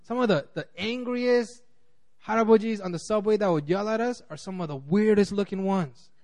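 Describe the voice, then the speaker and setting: A man pastor giving a casual, conversational sermon, animated and acting out quotes, with frequent restarts. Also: high-pitched, moderate pace.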